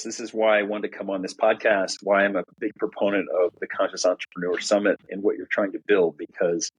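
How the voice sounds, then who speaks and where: Middle-aged man, husky voice, low-pitched, candid conversational podcast guest. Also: low-quality recording. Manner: candid, animated explainer. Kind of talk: conversational storytelling.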